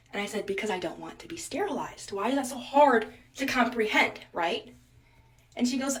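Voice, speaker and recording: A woman's voice: mid-range voice, lively intonation, fairly quick. Young woman in her 20s telling her story all fired up, a bit far from the mic. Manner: indignant, acts out the other people in the story. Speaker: storyteller sharing a personal story. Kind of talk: animated personal storytelling.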